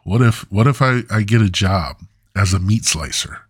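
A man's voice: lowish voice, animated, normal speed, husky, no room sound. A man hosting a podcast, rambling through a crude comedic monologue, repeating himself on a close mic. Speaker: podcast host.

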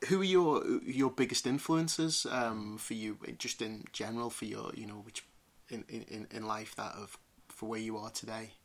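A man's voice: lowish voice, steady tone, moderate pace, hardly any pauses. A man from the United Kingdom hosting a podcast interview, agreeing readily and laughing often. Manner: warm agreeing, laughs often, many affirmations. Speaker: podcast host.

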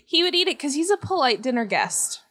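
Player, female, teasing and jokey, slightly high voice. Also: big pitch swings, fairly quick, fairly bright tone. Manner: joking, playful. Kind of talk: casual tabletop play.

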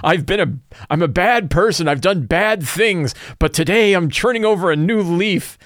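Man doing a confessional bandit guard, earnest and remorseful, voice pitched up, dry close sound. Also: moderate pace, fairly bright tone, no echo. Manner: earnest, pours out regrets. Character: sentimental reformed male bandit guard, confessional.

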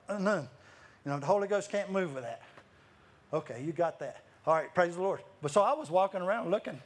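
A man preaching a sermon, telling stories with many restarts and frequent laughter. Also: high-pitched. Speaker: guest preacher. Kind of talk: lively sermon storytelling.

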